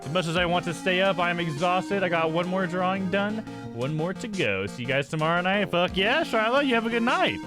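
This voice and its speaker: A man's voice: high voice, brisk. A man streaming a game live, chatting casually with viewers, with laughing asides and swearing. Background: game music.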